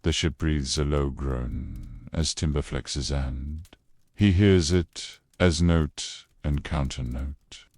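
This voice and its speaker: A man calmly narrating a scripted bedtime history story in a low, unhurried way. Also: no echo, clean studio sound. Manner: low, calm, unhurried delivery.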